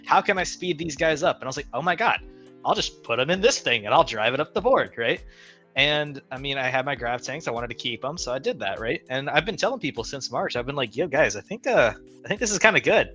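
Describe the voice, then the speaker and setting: A man in a casual podcast chat, telling stories in an animated, boastful way. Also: medium pitch, a little fast, faint music behind.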